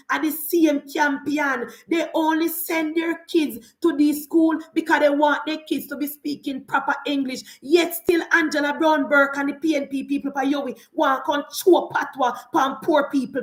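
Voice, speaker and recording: Jamaican woman vlogger, high and insistent, hammering her point in patois-tinged talk, roomy echo. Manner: emphatic, repeats rhetorical refrains. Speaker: political commentator. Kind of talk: casual political rant.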